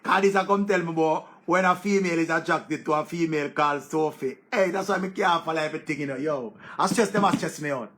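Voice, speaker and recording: A man with a Jamaican accent giving excitable casual commentary, repeating words and breaking into exclamations. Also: on the high side, fast talker, hardly any pauses, a little hiss or hum. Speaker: online show host. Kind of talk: casual commentary in Patois-laced English.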